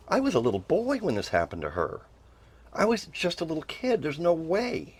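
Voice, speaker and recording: A middle-aged man tells a personal story in an earnest, emotional way. His voice sits a little high and swings widely as he repeats words. He often rises into pleading. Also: wildly swooping pitch, normal speed, darkish tone, breathy edge. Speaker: podcast host telling a personal story.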